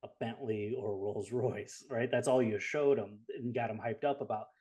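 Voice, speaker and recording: A man's voice: medium pitch, fairly even intonation, normal speed, warm tone. Man explaining with analogies. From Southern California. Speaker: co-host. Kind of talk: webinar talk.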